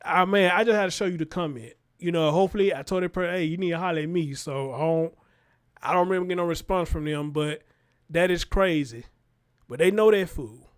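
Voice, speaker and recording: Animated high-voiced man riffing to chat. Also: a little fast, clean tone. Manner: animated, talks straight to chat. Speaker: livestream show host. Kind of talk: casual livestream commentary.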